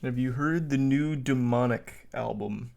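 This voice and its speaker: A man's voice: mid-range voice, unhurried, vocal fry, a little mellow. A man livestreaming, talking in a dry, offhand and profane way as he reacts to a clip and chats with viewers. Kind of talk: casual reaction commentary.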